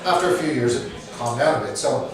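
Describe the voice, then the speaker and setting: A man's voice: medium pitch, quick pace, recorded from a distance. Casting note: man from Nova Scotia, easygoing storyteller, off-mic in a noisy echoey pub. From Nova Scotia, Canada. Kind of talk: casual storytelling. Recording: echoey pub, off-mic, busy crowd behind.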